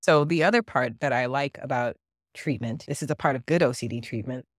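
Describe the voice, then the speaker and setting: A woman's voice: a bass voice, fairly quick, no room sound, studio quality. A woman hosting a podcast interview, talking in an earnest, confessional way about her own experience. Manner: earnest, confessional, emotional at times. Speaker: podcast host and therapist. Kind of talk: candid conversational interview.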